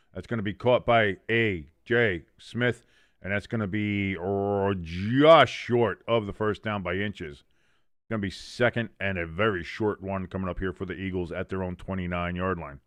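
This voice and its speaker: A man with a lowish voice and clean tone, recorded with no room sound, runs a live watch-along stream. He jokes as he calls plays, reads viewers' chat comments out loud, and corrects himself along the way.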